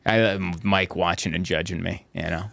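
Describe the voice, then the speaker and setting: A man's voice: low-pitched, fairly even intonation, moderate pace, gravelly, a bit bright, no echo. A man hosting a podcast, telling rambling stories in a self-deprecating way. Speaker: podcast host. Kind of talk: casual chat.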